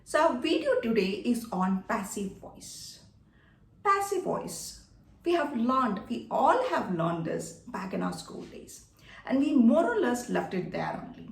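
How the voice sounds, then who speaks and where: Woman, online grammar lesson, patient, repeats points, gravelly edge, lively pitch. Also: a little slow, distant mic. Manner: patient, repeats key points, checks understanding. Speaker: English teacher. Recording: echoey room, voice a bit off-mic.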